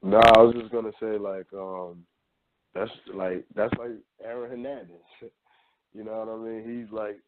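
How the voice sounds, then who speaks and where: Lower-voiced man over a phone line. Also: flat delivery, background noise. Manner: measured, reflective, many fillers. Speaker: radio co-host. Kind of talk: casual talk radio chat. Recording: tinny phone-line audio.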